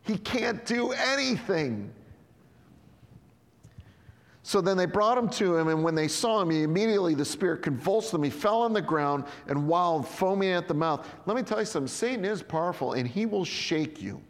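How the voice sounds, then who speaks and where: A man's voice: high voice, expressive, a little fast, few pauses, long reverb tail. A man preaching a sermon in a conversational way, acting out the Bible scenes in quoted voices. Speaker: pastor.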